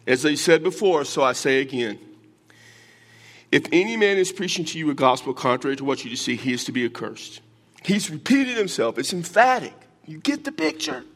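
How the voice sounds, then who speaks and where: A man's voice: on the high side, big pitch swings, normal speed, a bit bright. An older man preaching a sermon, teaching verse by verse with joking asides to his congregation. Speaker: pastor.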